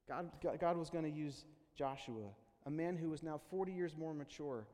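A man preaching a sermon as pastor, earnest and halting, often restarting his words. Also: a little high, darkish tone, in a large hall.

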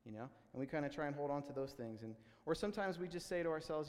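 A man delivers a sermon in an easygoing, talky way, stumbling over restarts and fillers before climbing into animated, urgent outbursts. His voice sits a little high for a man. The sound rings with the long reverb of a large hall. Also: fast talker, hardly any pauses. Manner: conversational preaching, many fillers and restarts, rising to excited exclamations. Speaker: pastor.

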